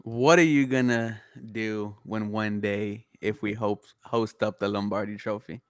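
Enthusiastic young Houston fan, dry sound. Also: male voice, fairly low pitch, steady tone, a little slow, clean tone, no room sound. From Houston, Texas. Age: young adult. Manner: enthusiastic, conversational. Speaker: sports podcast co-host. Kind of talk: casual sports chat.

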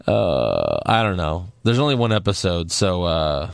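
A man co-hosting a casual wrestling recap podcast, sarcastic and quick to laugh. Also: sits low, sing-song, creaky, no echo. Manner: laughs often, sarcastic asides. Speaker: podcast co-host.

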